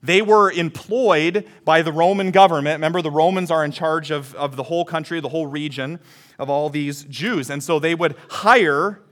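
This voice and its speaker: Man, 30s, pastor, conversational sermon storyteller, slightly higher voice. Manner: lively, conversational, calls for congregation responses.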